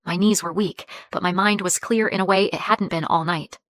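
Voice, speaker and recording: A woman narrating a first-person story in a measured, even way. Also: lowish voice, no room sound.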